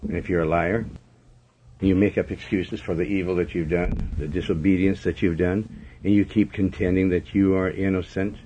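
A man's voice: low-pitched, little pitch movement, moderate pace, mellow, slight background noise. A man preaching a sermon commentary in a blunt, scolding way, hammering his points with repetition. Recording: dull lo-fi recording.

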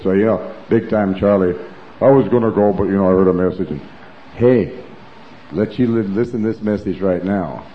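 A man's voice: deep voice, normal speed, a little hiss or hum. A man giving an emphatic, rambling personal testimony as a preacher, full of asides like "you know". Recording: roomy, dull lo-fi recording.

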